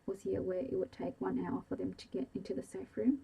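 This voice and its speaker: A woman whispering a bedtime story in a soft, hushed and even way, in a whispered role-play style. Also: medium pitch, fast, gravelly, breathy edge, low-quality recording. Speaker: audiobook reader.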